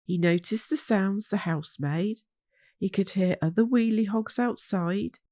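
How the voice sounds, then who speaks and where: A woman reading a children's bedtime story aloud, slow and soothing. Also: medium pitch, warm tone, no echo, studio quality.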